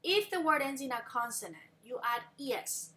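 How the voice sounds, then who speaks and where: A woman teaching a recorded language lesson, patiently drilling memory rhymes, asking quick check-in questions, and slowing right down on the example words. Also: sits high, expressive, pushed and bright, a little hiss or hum. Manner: slows down sharply on example words. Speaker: Spanish teacher.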